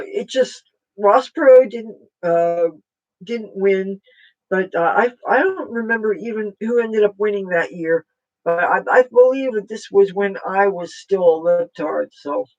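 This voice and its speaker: A political vlogger talking casually at home in a rambling, halting way with many fillers and restarts. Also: medium pitch, a little mellow, dull audio.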